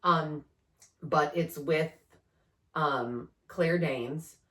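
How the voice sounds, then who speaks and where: A woman co-hosting a podcast, chatting casually and telling family stories with animated acted-out quotes. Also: low-pitched, very slow, distant mic. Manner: animated storytelling, acts out kids' voices. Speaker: podcast co-host. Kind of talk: casual chat. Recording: roomy, off-mic sound.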